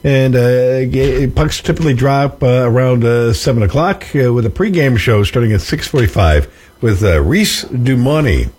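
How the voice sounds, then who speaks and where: A man's voice: mid-range voice, moderate pace, husky. A man hosting a classic rock radio show, joking casually with many fillers. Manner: jokey, lots of uh fillers, animated. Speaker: radio host. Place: radio studio.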